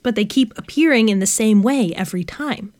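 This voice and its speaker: An actress playing a curious young librarian who keeps lists of creatures, speaking eagerly and persistently. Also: female voice, a little high, lively intonation, a little fast, a little mellow, lightly acted. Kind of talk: audio drama dialogue.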